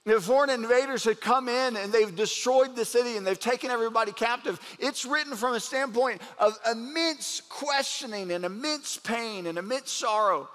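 A male pastor delivers an earnest sermon and slows down to let key points land. His voice sits unusually high for a man. It rings with the long reverb of a large hall. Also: fairly bright tone. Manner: earnest preaching, slows down for emphasis.

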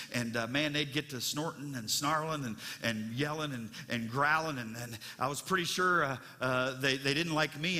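Bright-voiced male pastor preaching. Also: fairly high pitch, long reverb tail. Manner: conversational, storytelling, with many restarts. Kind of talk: sermon. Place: church.

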